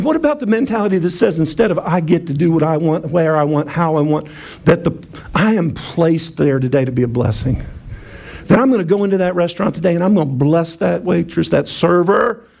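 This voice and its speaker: A man preaching a sermon in a high voice with a gravelly, fry-laden edge. He teases the congregation, calls for them to answer back, and stumbles through restarts as he goes. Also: a little mellow. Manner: playful, self-mocking preaching with call-and-response. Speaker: pastor.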